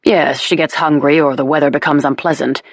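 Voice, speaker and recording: A woman voicing a weary young duke in a historical audiobook, speaking in her own low, gravelly voice. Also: steady tone, a little fast, no echo, clean studio sound. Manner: weary, groaning. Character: weary young man, new duke, groaning.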